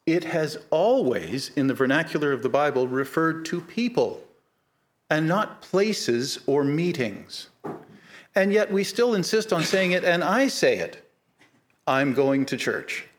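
A middle-aged man preaching a sermon, earnest and measured, slowing down to stress key points. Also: fairly high pitch, animated. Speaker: pastor.

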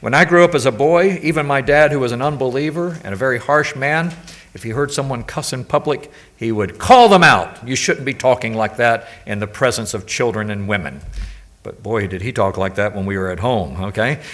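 A man's voice: medium pitch, lively intonation, fairly quick, a bit bright. Conversational male preacher, questioning the audience. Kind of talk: sermon.

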